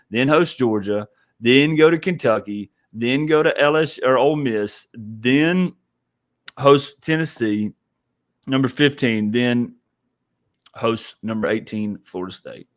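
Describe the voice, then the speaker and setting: A man co-hosting a casual sports podcast, rambling with frequent restarts and laughter. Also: mid-range voice. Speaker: podcast co-host.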